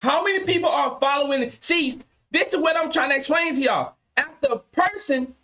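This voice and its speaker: High-voiced woman preaching to her chat. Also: normal speed, fairly bright tone. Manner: emphatic, preachy, repeats phrases. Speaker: podcast host. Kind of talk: casual livestream commentary.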